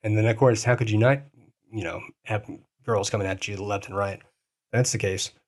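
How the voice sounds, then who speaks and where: A man's voice: lowish voice, steady tone, normal speed. Teasing, rambling podcast guy. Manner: teasing, rambling, swears freely. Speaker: podcast co-host. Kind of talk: casual chat.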